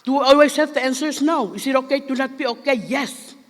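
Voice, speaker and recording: A woman's voice: high voice, a little fast, long reverb tail. A woman with a Palauan accent giving an earnest speech to graduates, asking the crowd questions and mixing English with Palauan. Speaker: commencement speaker.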